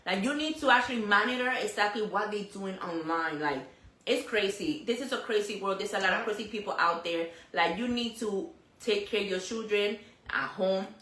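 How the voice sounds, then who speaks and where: A woman co-hosting a casual talk show, a mother who talks loudly and animatedly and drops in Spanish phrases. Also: mid-range voice, normal speed, echoey room, poor audio. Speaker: co-host. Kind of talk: casual chat.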